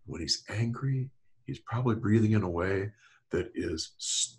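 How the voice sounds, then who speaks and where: A middle-aged man counseling-style talking in a casual podcast discussion, animated and often laughing, acting out quotes in a raised voice. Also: medium pitch, normal speed.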